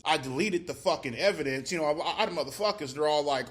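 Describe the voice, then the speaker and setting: A man's voice: a little high, animated, fairly quick. A man answering interview questions in a rambling way, swearing heavily and repeating "you know what I mean.". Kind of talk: casual, profane interview answers.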